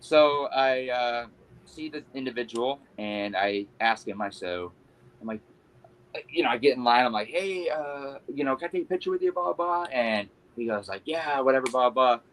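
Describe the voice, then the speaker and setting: A man's voice: mid-range voice, expressive, moderate pace, a bit bright, low-quality recording. A male pro wrestler, a guest on a podcast, telling a story casually in a rambling, sheepish, self-mocking way, full of fillers.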